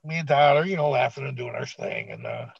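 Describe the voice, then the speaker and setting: A middle-aged man, a retired wrestler, telling a story in a blunt, profane, animated way on an interview podcast. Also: mid-range voice, a little fast, vocal fry, husky, no room sound. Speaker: retired pro wrestler guest. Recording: dull, dry lo-fi recording.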